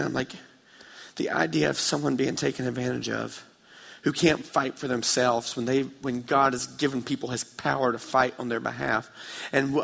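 A man's voice: mid-range voice, gravelly, slightly rough. Passionate male pastor in a big hall. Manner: passionate, storytelling, swings from quiet to loud. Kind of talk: sermon. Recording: reverberant hall.

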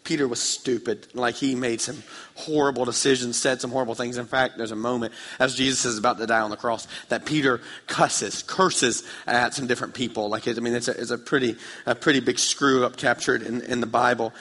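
A man preaching a sermon with passion, moving between quiet, intimate passages and loud, fervent ones as he tells a story. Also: medium pitch, fairly even intonation, a little fast. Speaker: pastor. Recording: reverberant hall.

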